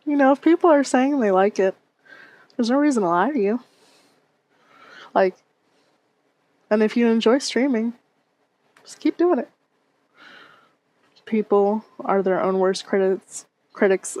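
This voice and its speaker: A woman's voice: medium pitch, darkish tone. A woman streamer chatting casually with her viewers on a headset mic, reading and answering chat and laughing often.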